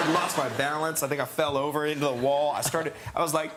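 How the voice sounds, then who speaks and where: A man in his thirties, a guest on a television talk show, telling an excited, rambling story with many restarts. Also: on the high side, quick pace, few pauses, heavy background noise. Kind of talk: casual anecdote. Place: television studio.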